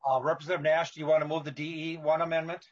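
A man's voice: on the high side, flat delivery, rapid-fire, lo-fi sound. A man chairing a legislative committee hearing, speaking procedurally with some fillers.

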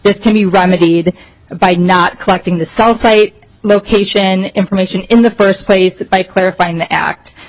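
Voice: mid-range voice, steady tone, moderate pace, poor audio. A person testifying at a legislative hearing, reading prepared remarks in a formal tone.

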